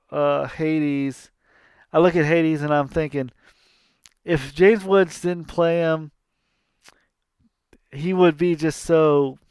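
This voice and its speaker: Slow, rambling man in his thirties. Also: on the high side, clear, resonant tone, dry recording, clean studio sound. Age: 30s. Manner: rambling, self-correcting. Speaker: podcast host. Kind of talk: casual movie retelling.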